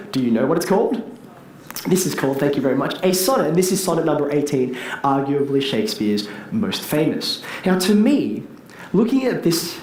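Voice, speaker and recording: Animated man speaking in hall. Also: a little high, a little hiss or hum. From Australia. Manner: animated, asks the audience questions. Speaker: teacher giving a public talk. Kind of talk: public speech. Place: large hall with audience. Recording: echoey hall, faint ambience.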